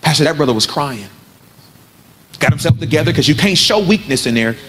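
A man's voice: a little high, animated, fairly quick. A man preaching a sermon to a men's gathering, telling a story and then building to fervent exhortation.

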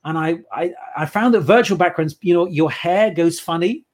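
A man's voice: a little high, normal speed. A man on a casual interview, telling playful anecdotes about his work as an improv performer. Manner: chatty anecdotal storyteller, playful.

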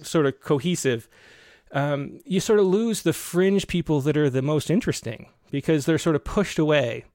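A man's voice: fairly high pitch, normal speed, darkish tone, dry recording, studio quality. A man hosting an interview, speaking thoughtfully and searching for words. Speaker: podcast host. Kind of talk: conversational interview.

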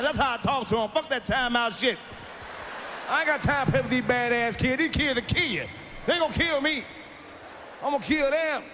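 Stand-up comic, male, high and brash, profane and loud, noisy live recording. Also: brisk, long pauses. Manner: brash, profane, shouting punchlines. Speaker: stand-up comedian. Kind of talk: stand-up comedy routine.

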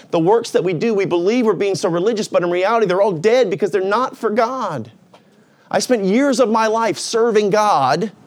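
A male pastor preaching a sermon in a lively, conversational way, dropping to a quiet low voice at reflective moments. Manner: energetic, conversational preaching with sudden pitch swings.

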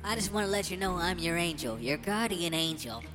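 A man's voice: sits high, lively intonation, fairly quick. A man putting on a sweet guardian angel lady. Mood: soothing. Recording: long reverb over music beat.

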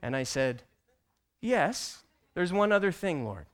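A man teaching a church group, telling a personal story with animated delivery that builds to loud, emphatic peaks. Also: high voice, slow pace. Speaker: church teacher presenting slides.

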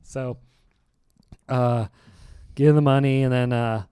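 Animated storytelling man, smooth dry voice. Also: mid-range voice, takes it slowly, no echo. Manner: animated, laughing, acts out quoted dialogue. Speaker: podcast host. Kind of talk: casual storytelling chat.

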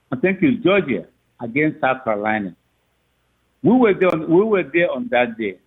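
A man, the father of a recruit, telling a story in a rambling, halting way with frequent laughs. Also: a little high, breathy edge. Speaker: father of a recruit, interview guest. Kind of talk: phone interview, storytelling. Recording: tinny phone line.

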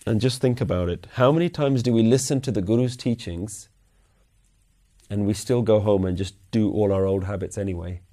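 A man giving a Sikh religious lecture at a weekly class, earnestly questioning his listeners and slowly chanting scripture lines. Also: fairly low pitch, mellow. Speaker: Sikh teacher.

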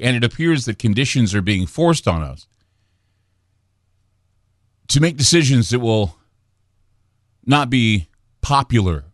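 Brooding low-voiced radio host. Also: male voice, dry recording, studio quality. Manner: brooding, ominous delivery with dramatic pauses and restarts. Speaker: radio talk show host. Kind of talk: late-night radio monologue. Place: radio studio. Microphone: studio broadcast microphone.

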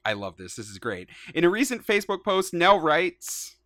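A woman's voice: fairly low pitch, big pitch swings, moderate pace, a bit bright, no room sound, studio quality. A woman co-hosting a casual podcast, joking and reading out news segments. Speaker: podcast co-host.

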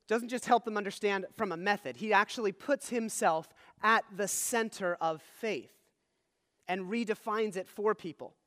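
A pastor with a high-sitting, fairly bright voice preaches a sermon, teaching earnestly and checking in with listeners through frequent "all right?" prompts. Long hall reverb fills the recording.

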